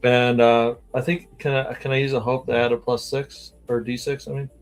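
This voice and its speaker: A man at an ordinary mid pitch, playing a tabletop game over a voice call. He speaks in halting starts, full of uhs, and sounds unsure of the rules. Faint music runs behind him. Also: flat delivery. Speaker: player.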